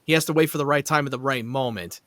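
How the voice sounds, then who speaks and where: A man's voice: mid-range voice, fast, fairly bright tone, no echo, studio quality. A man in a casual chat, laughing often and swearing casually.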